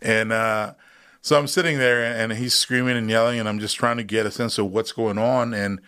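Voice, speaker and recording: A man in his thirties, a veteran guest on a podcast, telling a long story in a casual, animated way and acting out what others said. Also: lowish voice, fairly quick, smooth. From United States. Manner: animated retelling, acts out quoted voices.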